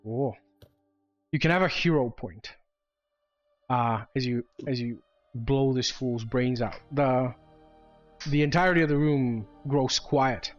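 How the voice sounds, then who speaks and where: A man narrating as game master in a halting way, full of fillers and restarts, in a dull lo-fi recording. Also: medium pitch, faint music behind.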